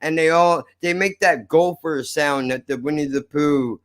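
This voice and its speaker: A man's voice: a little high, measured pace, hardly any pauses. A man hosting a podcast, rambling and joking with heavy swearing. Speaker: podcast host. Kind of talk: casual podcast banter.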